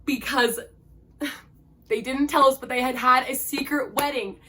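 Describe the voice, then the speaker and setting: A woman's voice: sits high, fairly even intonation, a little slow, sharp tone. A woman hosting an emotional book-review vlog, gushing and dramatic, peppering her talk with "like". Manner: gushing and dramatic, heavy use of "like". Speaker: book vlogger host.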